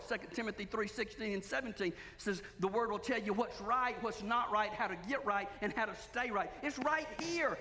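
A man's voice: high voice, bright, forceful tone. A man preaching a sermon as pastor, emphatic and full of rhetorical questions. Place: church sanctuary. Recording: long hall reverb.

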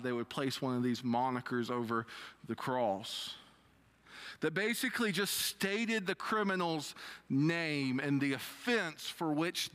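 A man preaching a sermon, reading scripture and retelling it with expressive rises and drops. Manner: expressive preaching with dramatic pitch swings when quoting scripture. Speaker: pastor.

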